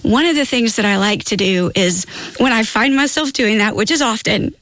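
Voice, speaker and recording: A woman's voice: a little high, moderate pace, fairly bright tone, dry recording. A middle-aged woman, a guest author, talking earnestly and telling stories about her faith on a talk show. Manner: earnest storytelling, quotes her own prayers. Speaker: guest author of Bible studies.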